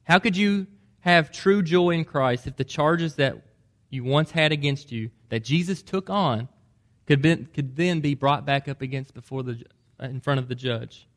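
A man's voice: fairly high pitch, normal speed, fairly bright tone. Earnest preacher man. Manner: earnest preaching, rising emphasis on key points. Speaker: pastor. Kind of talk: sermon.

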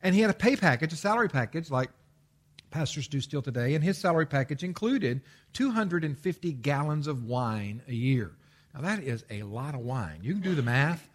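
Male pastor, fairly high voice, emphatic sermon delivery, explains with everyday examples. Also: big pitch swings, moderate pace. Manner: emphatic, repeats commands with stress.

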